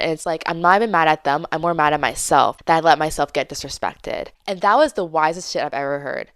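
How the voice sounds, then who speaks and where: A woman's voice: on the low side, clean tone, dry recording, studio quality. A young woman hosting a podcast, telling a dating story in a chatty, dramatic way and acting out the quoted lines. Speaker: podcast host. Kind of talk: casual storytime monologue.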